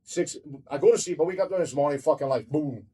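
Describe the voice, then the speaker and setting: A man telling a story in a casual interview, profane and excitable, repeating himself as he goes. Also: on the high side, quick pace, slightly rough. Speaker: restaurant owner telling his story.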